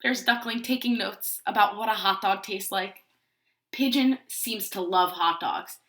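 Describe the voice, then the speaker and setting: A woman pre-K teacher reading a picture book aloud to young children, in an animated way and often asking them questions. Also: medium pitch, measured pace, reverberant.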